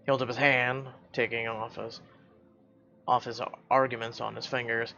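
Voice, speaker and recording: A man's voice: mid-range voice, moderate pace, gravelly. A man reading a story game live, narrating and cracking profane jokes between lines, over a slightly dull recording with faint game music. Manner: animated, joking, profane asides. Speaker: game streamer reading aloud.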